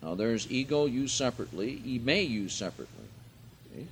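A man preaching a sermon, reading scripture aloud and explaining Greek words, rising in pitch and volume for emphasis. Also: very animated, a little fast, slight background noise.

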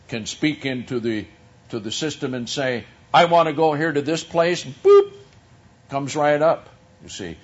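A man preaching a sermon, teaching from scripture in a slow, deliberate way with drawn-out emphasis. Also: mid-range voice, muffled recording.

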